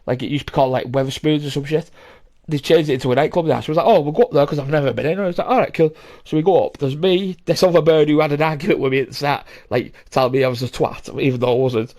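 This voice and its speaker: Talking very fast in a slightly mellow, higher-pitched voice, a young adult podcast host rambles through casual stories, cursing, laughing a lot and doing character voices.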